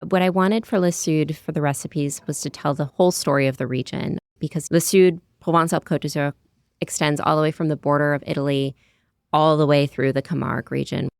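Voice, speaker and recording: Low, gravelly-voiced American woman. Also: fairly even intonation, brisk, no room sound, studio quality. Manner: chatty, descriptive, frequent "like" and "you know". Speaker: cookbook author guest. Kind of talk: conversational interview.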